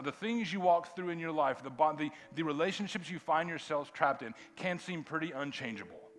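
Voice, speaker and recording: A middle-aged man, a pastor giving a conversational sermon that swings between hushed quiet and loud emphasis. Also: a little high, brisk, few pauses, faint music behind. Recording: long reverb of a large hall.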